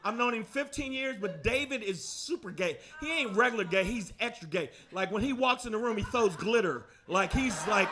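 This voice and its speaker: Male stand-up comic, brash and profane, high voice, club stage mic. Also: expressive, normal speed, few pauses, bright, forceful tone. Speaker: stand-up comedian. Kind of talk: stand-up comedy set.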